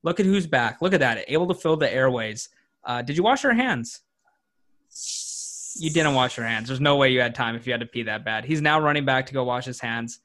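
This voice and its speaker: A man's voice: mid-range voice, lively intonation, fairly bright tone. A young man co-hosting a sports podcast, chatting casually, rambling and ribbing his co-hosts. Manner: teasing, rambling, quick jokes at his co-hosts. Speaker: podcast co-host.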